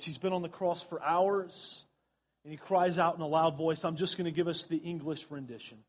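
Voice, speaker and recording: Man pastor, earnest sermon delivery, higher voice with a breathy edge. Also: fairly even intonation, normal speed. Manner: earnest, reads scripture aloud with frequent restarts. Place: church sanctuary.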